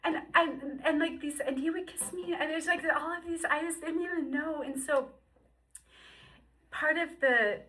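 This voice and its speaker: Bright-voiced woman giving a heartfelt testimony. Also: high-pitched, normal speed, poor audio. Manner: emotional, animated storyteller who acts out quotes. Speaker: guest sharing her story. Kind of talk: personal faith testimony.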